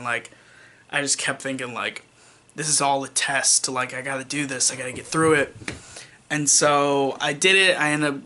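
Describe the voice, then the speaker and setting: A man's voice: medium pitch, sharp tone. Young man rambling through a personal story. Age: young adult. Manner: rambling, with many fillers and restarts; wry, self-mocking asides. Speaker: vlogger.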